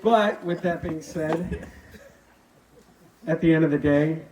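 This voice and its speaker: A man's voice: fairly high pitch, slow. A man giving a casual, joking wedding toast and laughing as he speaks. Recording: roomy hall with crowd noise. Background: crowd of guests.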